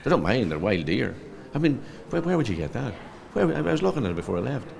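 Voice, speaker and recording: With a crowd audible behind him, a middle-aged Irish comedian with a Donegal accent chats casually as an interview guest. His mid-range, gravelly voice swings widely in pitch, and he talks fast, spinning anecdotes and stumbling over repeated words.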